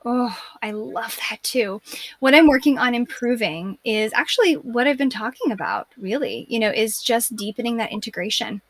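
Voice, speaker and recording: A woman's voice: a little high, lively intonation, normal speed, dry recording. A woman coach talking earnestly and reflectively as an interview guest, often checking in with "right?" and "you know".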